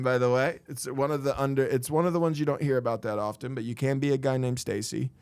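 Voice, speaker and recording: A man's voice: medium pitch, fast, hardly any pauses, a little mellow, smooth. A man co-hosting a comedy podcast, joking casually and swearing a lot while he acts out little scenes. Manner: joking, profane, acts out characters. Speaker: podcast co-host.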